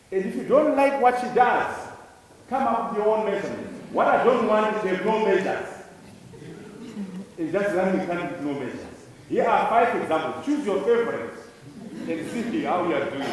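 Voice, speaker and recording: Man from Zimbabwe, conference speaker, slightly high voice, emphatic and repetitive, heard from far off in a large echoing hall. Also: slight background noise. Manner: emphatic, repeating key words for effect. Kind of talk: public speech to students.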